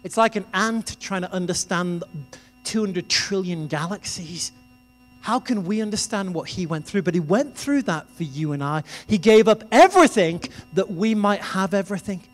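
High-voiced man preaching in a hall. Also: lively intonation, normal speed. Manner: conversational storytelling preaching. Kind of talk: sermon. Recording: reverberant hall with music behind.

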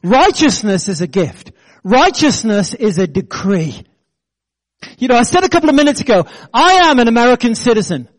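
A middle-aged British pastor delivers a sermon in a fairly high voice with a bright edge. He swings from quick, punchy jokes to slower, weightier lines, keeping an animated, conversational manner full of self-deprecating humour and laughter.

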